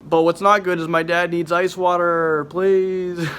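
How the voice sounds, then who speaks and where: A man's voice: sits high, flat delivery, takes it slowly, fairly bright tone, clean tone. A young man vlogging at a hospital, sounding sick and rambling with many fillers and restarts. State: sick, voice affected by illness. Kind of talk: casual vlog to camera. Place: hospital ward and car at night.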